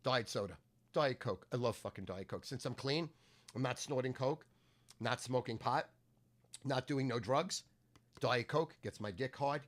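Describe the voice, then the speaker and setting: A middle-aged man hosting his own podcast, ranting crudely and profanely, swinging from low grumbling to shouting, his voice going hoarse. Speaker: sports handicapper and podcast host.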